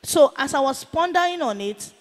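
Woman pastor preaching a sermon, high voice, lots of pointed questions at the crowd, long hall echo. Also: expressive, moderate pace. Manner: emphatic, fires rhetorical questions at the congregation. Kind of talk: sermon recounting a vision. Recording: long reverb of a large hall.

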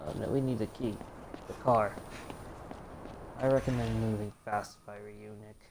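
A man's voice: fairly low pitch, steady tone, moderate pace. A man commentating a zombie game as he plays, easily frustrated, swearing and talking back at the game. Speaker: gameplay commentator. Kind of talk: let's play commentary. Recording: loud game noise behind.

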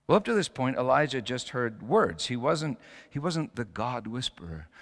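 A middle-aged man preaches a sermon in a lively, wide-ranging voice. He tells his stories in dramatic swings, dropping to near-quiet and then surging loud. His words hang in the long reverb of a church hall. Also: medium pitch, normal speed. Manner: storytelling with sudden loud bursts and quiet drops. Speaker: pastor.

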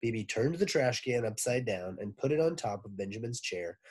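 A man, a teacher, reading a children's book aloud with expressive narration. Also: medium pitch, brisk, slightly rough. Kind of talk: storybook read-aloud.

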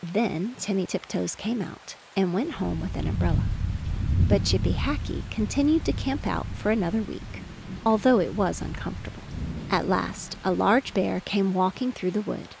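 A woman narrating a children's bedtime story in a gentle, even reading voice. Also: medium pitch, normal speed, vocal fry, background noise. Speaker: audiobook narrator. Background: rain and distant thunder.

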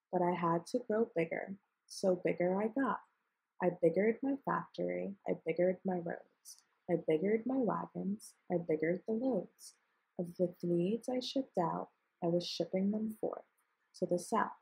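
A woman reads a rhyming children's picture book aloud in a steady cadence. Her voice sits low and sounds husky and a little gravelly, and she takes her time. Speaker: storybook reader.

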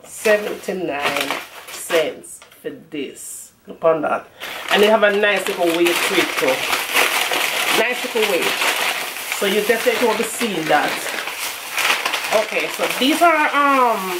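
A woman's voice: mid-range voice, noisy background. Chatty woman vlogging her haul. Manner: chatty, calls viewers y'all. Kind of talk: casual chat to camera.

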